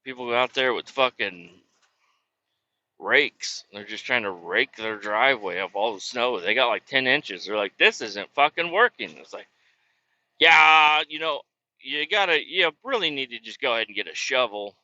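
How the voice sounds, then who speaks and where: A man's voice: medium pitch, lively intonation, normal speed, sharp tone, highs cut off. A man chatting casually while driving, telling stories in a profane, laid-back way. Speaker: vlogger and truck driver.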